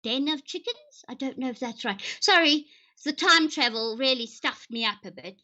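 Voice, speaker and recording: A woman's voice: high-pitched, expressive, moderate pace, bright, forceful tone, dull audio. A woman playing an eccentric lady senator from long ago in an improvised character stream, rambling and theatrical and switching accents on a whim.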